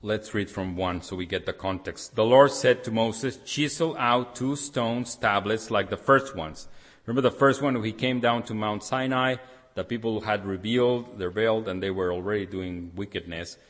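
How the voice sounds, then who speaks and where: A man preaching an evening sermon, reading scripture loudly and emphatically, then dropping soft for a quiet appeal. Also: lowish voice, normal speed. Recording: long reverb of a large hall.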